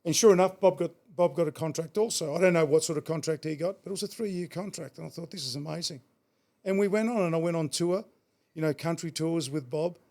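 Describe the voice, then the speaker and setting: A man's voice: on the high side, fast, darkish tone. A middle-aged Australian man telling road stories in a casual chat, blunt and swearing freely. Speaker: guest. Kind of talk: casual storytelling.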